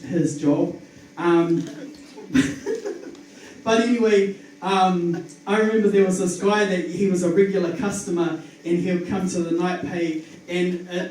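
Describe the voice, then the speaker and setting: A man's voice: high-pitched, darkish tone. A man with a New Zealand accent doing a nervous stand-up comedy set, rambling with lots of ums and restarts and laughing at his own jokes. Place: comedy club stage with audience. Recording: very echoey room, voice far from the mic.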